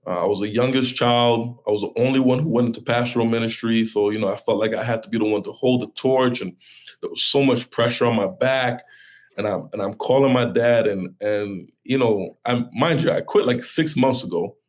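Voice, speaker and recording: A man's voice: medium pitch, fairly quick. A man, a pastor, sharing a personal story as a podcast guest in an earnest, heartfelt way, talking in run-on bursts with many restarts.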